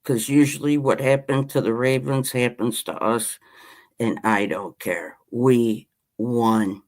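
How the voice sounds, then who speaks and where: Speaking in an unhurried, mid-range voice, a man in his 50s from Western New York vents passionately about his team. He's a podcast host in casual chat, and the rant wanders the way a devoted sports fan's does.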